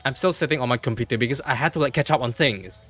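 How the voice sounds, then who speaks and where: A man livestreaming from his computer, telling a story in an animated way, repeating himself and swearing freely. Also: mid-range voice, fast, soft background music.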